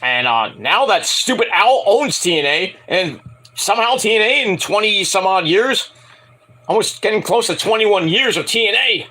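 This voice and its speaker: Animated, bright-voiced man rambling a review. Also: high-pitched, normal speed. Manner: rambling, animated, mimics wrestlers in shouted bursts. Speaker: wrestling show reviewer. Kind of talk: casual solo review.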